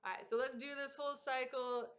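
A woman teaching an online drum lesson, explaining patterns in a relaxed, encouraging way and counting aloud. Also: high-pitched, brisk. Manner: counts aloud and vocalizes rhythms over drumming. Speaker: percussion teacher. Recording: dull lo-fi sound with loud drumming behind. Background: loud percussion.

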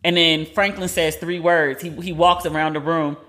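Animated, blunt woman podcast host. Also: sits low, normal speed. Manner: animated, blunt, swears freely. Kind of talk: casual TV recap commentary.

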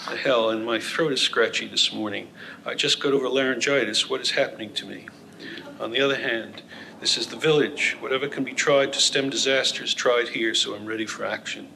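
A man reading a humorous personal essay aloud in a wry, deadpan manner. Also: mid-range voice, a little fast, gravelly, a little hiss or hum, rough recording.

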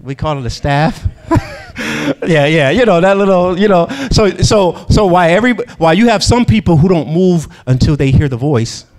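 A man preaching a sermon in an animated way, acting out quotes and laughing between lines. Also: a little high.

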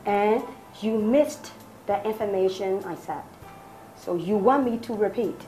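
A woman's voice: medium pitch, a little slow, warm tone, roomy sound, faint music behind, low-quality recording. A woman teaching English in a classroom, prompting students with phrases and praising their answers.

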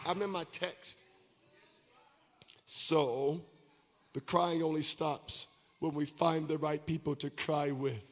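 A man pastor preaching a sermon, sometimes half singing, moving between shouted lines and quiet asides. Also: fairly even intonation, slow, pauses often, big-room sound. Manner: impassioned, half-sung preaching that swings from shouts to low asides.

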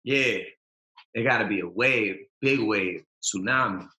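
Young rapper guy, bright voice, echoey room, real emphatic and slangy. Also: fairly low pitch, unhurried. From Massachusetts. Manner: emphatic, slangy, repeats points forcefully. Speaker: rapper guest. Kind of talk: casual podcast interview.

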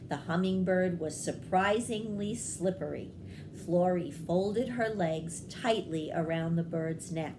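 A woman reading a children's chapter book aloud as a librarian, in a gentle storytelling manner. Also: lowish voice, background noise.

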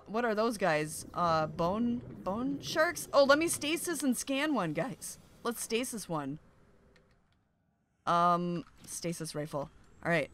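A young woman hosting a game playthrough, commenting excitedly and often gasping "oh my gosh" at what she finds. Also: on the high side, slight background noise. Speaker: gaming video host. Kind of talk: excited let's-play commentary.

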